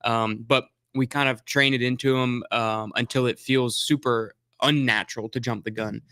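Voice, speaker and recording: A man with a bright, crisp voice chats about teaching new shooters, hesitating often and restarting his sentences. The recording is dry and close to the mic. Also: mid-range voice, fairly even intonation, normal speed, no echo. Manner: chatty, hesitant, full of fillers and restarts. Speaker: firearms instructor. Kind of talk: casual explanatory chat.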